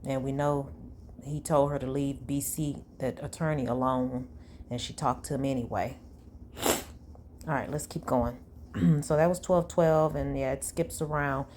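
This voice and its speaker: A woman's voice: extremely low pitch, fairly even intonation, measured pace, a little mellow, slight background noise. A woman reading text messages aloud and adding her own sassy, blunt asides in a conversational way. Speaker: commentary channel host. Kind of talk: reading texts aloud with commentary.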